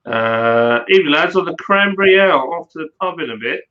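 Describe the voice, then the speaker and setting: A man co-hosting a casual live chat over beers, excitable and jokey. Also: a little high, brisk. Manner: excitable, jokey, slips into silly put-on voices. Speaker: livestream co-host. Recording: slightly dull lo-fi stream audio.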